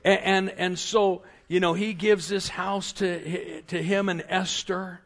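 A male preacher retelling a scripture story in an animated, dramatic way. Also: high-pitched, slow. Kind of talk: sermon storytelling.

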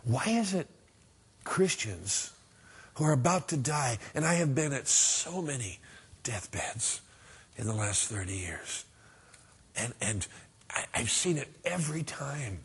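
A middle-aged man preaching a sermon as a pastor, earnest and conversational, swinging between emphatic lines and hushed ones. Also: mid-range voice, lively intonation, measured pace, pauses often, breathy edge.

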